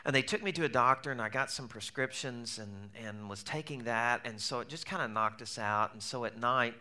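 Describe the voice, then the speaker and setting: Bright-voiced male preacher telling a story. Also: medium pitch, brisk. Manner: storytelling, animated, shifts between loud and hushed. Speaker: pastor. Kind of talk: sermon with personal story.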